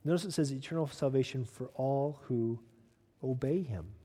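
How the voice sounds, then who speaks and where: A man's voice: mid-range voice, normal speed, warm tone, slightly rough. A man preaching a sermon as pastor, emphatic and direct, who puts questions to the congregation.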